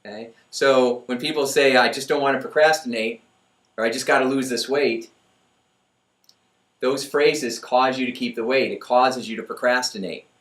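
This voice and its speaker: A middle-aged man giving a lively motivational talk as host, often acting out voices in his stories. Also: medium pitch, moderate pace. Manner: energetic, acts out voices in stories. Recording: echoey room, mic far off.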